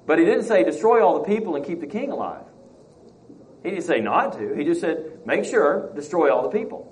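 A man's voice: fairly high pitch, big pitch swings, fairly quick, darkish tone, low-quality recording. Man teaching a Bible lesson. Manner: reads scripture aloud, acts out quotes, asks the class questions.

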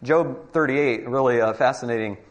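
A man's voice: mid-range voice, moderate pace, muffled recording. A man giving a Christian apologetics talk to a live group, arguing emphatically with rhetorical questions.

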